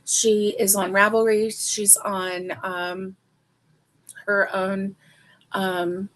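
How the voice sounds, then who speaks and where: A woman leading a casual crochet livestream draws out her words in a medium-pitched, slightly bright voice with little pitch movement. She sounds a bit sleepy, addresses viewers directly, and rambles with lots of fillers.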